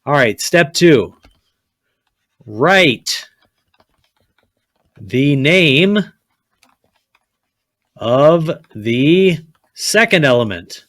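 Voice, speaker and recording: A man's voice: fairly high pitch, lively intonation, drawn-out words, long pauses, a bit bright, dry recording, clean studio sound. Blunt man teaching chemistry. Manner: blunt, repeats okay, prods students to write. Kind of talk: classroom lecture.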